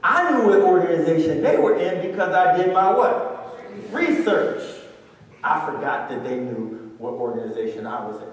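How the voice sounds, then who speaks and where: A man gives an animated motivational talk, drawing the crowd into call-and-response. His voice sits high for a man. It is recorded from far off in a big echoing hall with a long reverb. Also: moderate pace. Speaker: motivational speaker. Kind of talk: live talk to a student audience. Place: large hall with audience.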